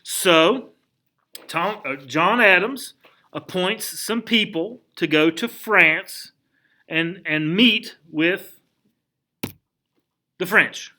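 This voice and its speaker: Bright-voiced animated male history teacher. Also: high voice, very slow, pauses often. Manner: animated, asks the class rhetorical questions; conversational, frequent restarts. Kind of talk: classroom lecture.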